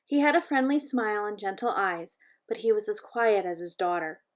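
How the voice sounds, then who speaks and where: A woman reading a children's chapter book aloud in a gentle, measured storytelling voice. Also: medium pitch, lively intonation. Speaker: reader.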